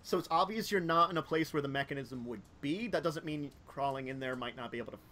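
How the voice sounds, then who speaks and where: Brief: male game master, rambling narration full of fillers, a bit high voice. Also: quick pace, pushed and bright. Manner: rambling, lots of fillers and self-corrections.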